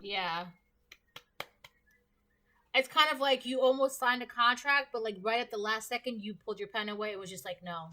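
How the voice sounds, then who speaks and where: Bright-voiced woman giving a tarot reading. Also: a little high, moderate pace, long pauses, slight background noise. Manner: earnest, repetitive, punctuates with "all right?" and "okay?". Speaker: tarot reader. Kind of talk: casual spoken tarot reading to viewers.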